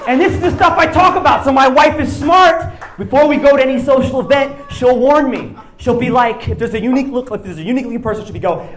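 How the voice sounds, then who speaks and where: A male comedian performing live stand-up on stage, animated, dropping to low asides and then shouting punchlines. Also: a little fast, roomy sound, some chatter behind. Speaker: stand-up comedian and show host. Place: live stage before an audience.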